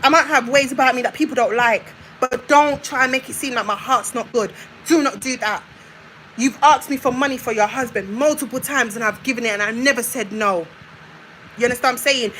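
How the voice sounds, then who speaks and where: A woman's voice: sits high, sharp tone, a little hiss or hum, poor audio. A young woman on a live stream, ranting in a confrontational way and hammering her points home with repetition. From United Kingdom. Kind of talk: heated live-stream rant.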